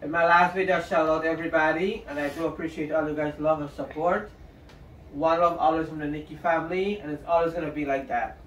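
A man with a high voice, chatting casually to viewers while he cooks curry in his home kitchen. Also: quick pace, slight background noise. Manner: chatty, relaxed, talks straight to viewers. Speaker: cooking vlogger. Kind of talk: casual cooking demonstration. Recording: roomy kitchen, distant mic, sizzling.

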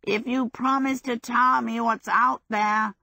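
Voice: medium pitch, fairly even intonation, takes it slowly, vocal fry, bright, forceful tone, no room sound, voice pushed up, exaggerated voice. A woman voicing a sleepy, demanding male fire demon in a storybook reading. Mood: grumpy.

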